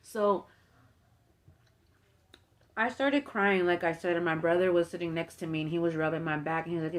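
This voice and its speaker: A woman's voice: lowish voice, fairly even intonation, normal speed, long pauses. A young woman in a casual mukbang storytime, chatty and full of fillers, acting out the people she quotes. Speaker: mukbang vlogger. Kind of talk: casual storytime while eating.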